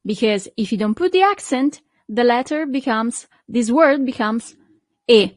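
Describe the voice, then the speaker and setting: A woman teaching an online language lesson, talking slowly and drawing out model words for her students to repeat. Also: on the high side, expressive, dry recording. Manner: slow, drawn-out model pronunciations for repeating. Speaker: Italian teacher.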